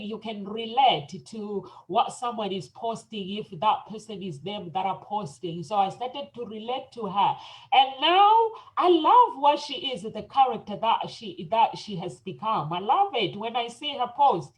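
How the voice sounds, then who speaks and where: A woman hosting a panel talk show, telling stories in a chatty, animated way. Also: medium pitch, unhurried, poor audio. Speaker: host.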